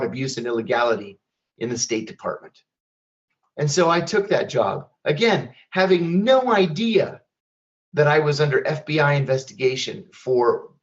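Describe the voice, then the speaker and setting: A middle-aged American man calmly telling a first-person story in a measured, plainspoken way, as a guest speaker at an online event. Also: medium pitch, highs cut off. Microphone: online event stream.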